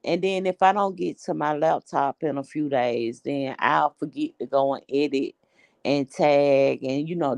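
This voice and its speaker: A woman's voice: low voice, vocal fry, a little mellow, no echo. A woman hosting a casual group chat, blunt and slangy, laughing often. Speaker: host.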